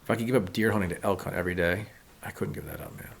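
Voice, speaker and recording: A man in his thirties, a podcast guest telling hunting stories in a casual, animated way. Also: low voice, very fast, vocal fry. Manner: animated, acts out quotes of others. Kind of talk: casual storytelling.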